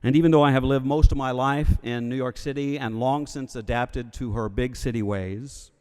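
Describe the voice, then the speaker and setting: A man's voice: medium pitch, fairly even intonation, moderate pace, a little mellow, smooth. Wry Southern man preaching in a church. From Alabama. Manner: wry, humorous storytelling. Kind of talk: sermon. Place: church sanctuary. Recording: long reverb of a church hall.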